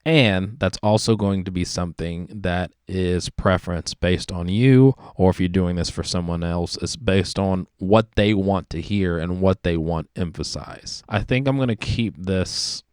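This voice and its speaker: A man explaining music production in a relaxed, conversational tutorial, leaning often on "kinda" as he talks through his decisions. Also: sits low, a little slow, few pauses, clear, resonant tone, dry recording, studio quality. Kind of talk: screen-recorded production tutorial.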